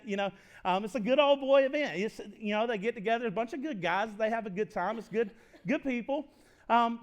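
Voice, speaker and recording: A pastor in his thirties, speaking with a fairly high voice in a chatty, folksy sermon. He tells stories in a self-deprecating way, with frequent laughs and restarts. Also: smooth. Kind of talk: conversational sermon storytelling.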